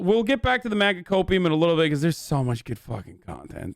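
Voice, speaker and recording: Smooth-voiced streamer man, dry and close. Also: on the high side, huge pitch swings, fast, hardly any pauses, dry recording. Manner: loose, profane, rambling asides to chat. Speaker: streamer host. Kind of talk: casual live-stream chat.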